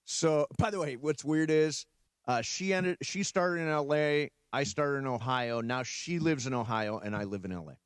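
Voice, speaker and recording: A man's voice: mid-range voice, normal speed, clean tone, dry recording. A man co-hosting a sports radio talk show, telling rambling personal anecdotes full of restarts in a casual studio chat.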